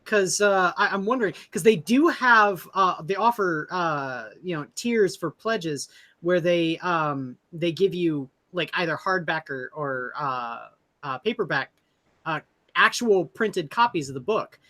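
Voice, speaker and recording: A man co-hosting a podcast in casual chat, talking haltingly with frequent stops to rephrase. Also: fairly high pitch, animated, sharp tone. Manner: halting, many fillers and restarts. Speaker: podcast co-host.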